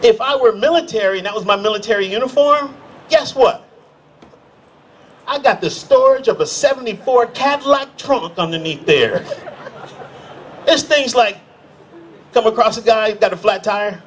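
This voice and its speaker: A middle-aged American man doing a stand-up comedy set, telling stories and jumping into quick character voices. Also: sits high, expressive, fairly bright tone, slight background noise. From United States. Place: comedy stage.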